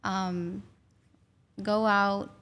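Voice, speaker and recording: A woman's voice: mid-range voice, very slow, slight background noise. A woman guest candidly telling her personal story in an interview. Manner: warm, candid, animated when recalling. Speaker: guest, bereaved mother.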